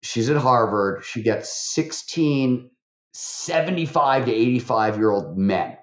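A man, a podcast guest, tells stories in an animated way, with lots of fillers and restarts. His voice jumps up when he quotes people. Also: medium pitch, a little slow. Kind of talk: animated interview storytelling. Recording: roomy, slightly dull recording.

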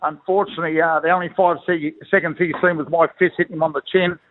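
A man's voice: on the high side, level tone, fast, a little hiss or hum. A middle-aged Australian man, a former rugby league player, telling slangy, rambling stories as a guest on a radio call. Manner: blokey storyteller, slangy, rambling with restarts. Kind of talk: casual radio interview by phone. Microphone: telephone. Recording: tinny dry phone line.

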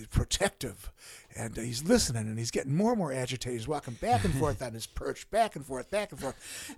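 An older man, a guest on a podcast, telling a long story in an unhurried way with many pauses and some dry humor. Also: medium pitch, vocal fry, husky, no echo. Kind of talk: casual storytelling in a podcast conversation.

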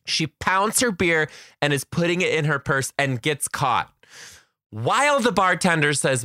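A man hosting a podcast as a kindergarten teacher, talking in a sassy, animated comedic monologue. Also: a little high, a little slow, no echo, clean studio sound. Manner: animated, sassy, acts out classroom scenes.

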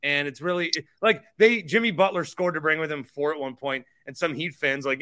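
A man hosting a sports talk podcast, venting about his team with sarcasm and the odd curse. His voice is bright and a touch high for a man, with a ringing, forward tone. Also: moderate pace, hardly any pauses. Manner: animated, sarcastic, swearing. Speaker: podcast host.

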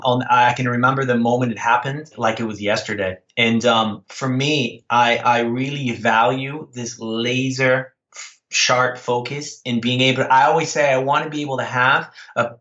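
A man's voice: medium pitch, bright, forceful tone. Man rambling in an echoey room. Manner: rambling with frequent restarts. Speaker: interview guest. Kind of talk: casual storytelling. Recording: echoey, dull lo-fi audio.

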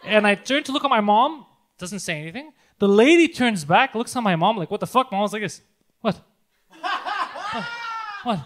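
Fast, bright-voiced man telling stories. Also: high-pitched. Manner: swearing, animated storyteller who yells when quoting. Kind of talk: casual chat.

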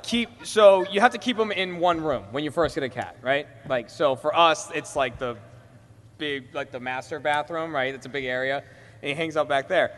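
A man's voice: a little high, normal speed, a bit bright. A man telling a hesitant, filler-heavy story as co-host at a live podcast. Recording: live hall with reverb and faint hiss.

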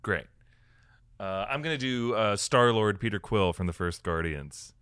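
A man answering as a comedy panelist, laid-back and quick to chuckle. His voice is clear and dry, and he talks slowly. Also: on the low side, animated, a bit bright, dry recording. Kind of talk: comic improv answers.

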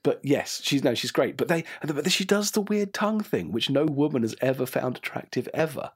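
Husky, animated man chatting about films. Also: a little high, moderate pace. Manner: animated, mimics film lines with bits of funny voices. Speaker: podcast co-host. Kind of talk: casual film review chat.

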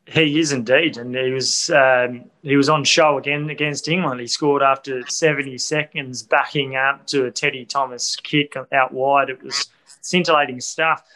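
A man's voice: mid-range voice, steady tone, normal speed, sharp tone, poor audio. A man, giving enthusiastic rugby analysis on a sports talk panel, with frequent restarts. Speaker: rugby pundit. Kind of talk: studio sports discussion.

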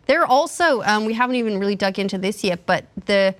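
A woman's voice: mid-range voice, fast talker, a bit bright. A young woman co-hosting a gaming podcast, telling stories in a wry, playful way. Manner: wry, playful storytelling with restarts. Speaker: podcast co-host. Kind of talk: casual chat.

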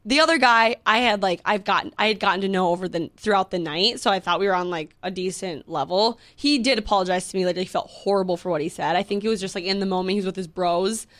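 A young woman in her twenties co-hosts a podcast, telling a story in casual chat full of fillers and quoted back-and-forth. She talks fast with hardly any pauses, in a medium-pitched, fairly bright voice.

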